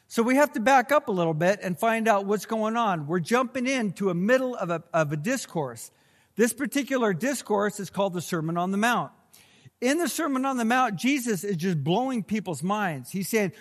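A man's voice: sits high, expressive, moderate pace, big-room sound. A man preaching a sermon, telling a personal story and acting out his own worried thoughts before reading scripture. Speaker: pastor.

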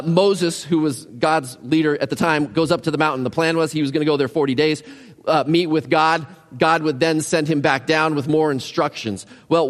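Animated preacher in a reverberant hall. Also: male voice, a little high. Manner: conversational, animated preaching with rhetorical questions. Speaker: pastor. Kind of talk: sermon.

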